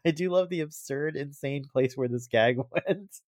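A man's voice: a little high, a little slow, darkish tone, dry recording, studio quality. A man guesting on a podcast in casual chat about a cartoon episode, laughing again and again as he talks. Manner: giggly, keeps laughing while talking.

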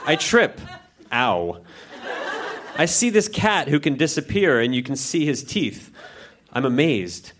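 A man reads his own childhood stories to a live audience, his voice swinging widely in pitch. He keeps dropping into put-on voices whenever the characters speak. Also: sing-song, slow pace, pauses often, background noise. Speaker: reader at a live storytelling show. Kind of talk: reading his childhood writing aloud on stage. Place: live venue on stage.

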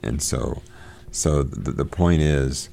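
A man with an extremely deep, gravelly voice reads passages from a novel aloud to a small group. He stops to explain, halting with fillers and false starts. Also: mellow. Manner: halting, many fillers and restarts. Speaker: discussion leader. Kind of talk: reading aloud and discussing a novel.

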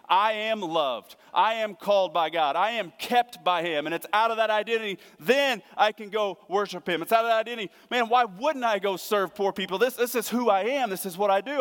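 A middle-aged man delivers an earnest sermon, dropping to a hushed tone and then building to emphatic, raised lines. His voice sits a little high for a man. The sound carries the long reverb of a large church hall. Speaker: pastor. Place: church sanctuary.

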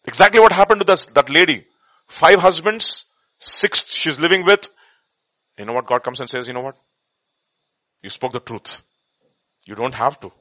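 A man preaching a sermon, quoting scripture and hymns, swinging between loud emphatic bursts and quiet murmurs. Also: medium pitch, no echo. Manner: quotes scripture and hymn lines, chuckles between points.

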